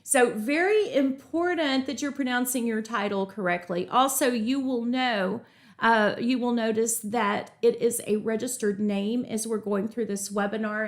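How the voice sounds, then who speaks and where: A middle-aged woman teaches a live real estate webinar, her slightly high voice carrying a gravelly fry. She keeps an upbeat, chatty manner, greeting viewers in the chat by name and slipping into anecdotes along the way. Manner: chatty storytelling with asides.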